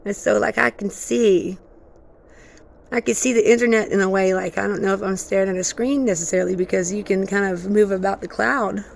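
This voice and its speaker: A woman vlogging in a rambling, excitable stream-of-consciousness monologue. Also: mid-range voice, brisk, creaky, slight background noise. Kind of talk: casual monologue.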